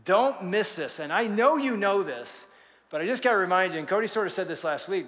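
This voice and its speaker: A man's voice: high-pitched, brisk, long reverb tail. A man preaching a sermon in a large church, telling stories and joking with the congregation. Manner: lively storytelling, jokes with congregation. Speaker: pastor.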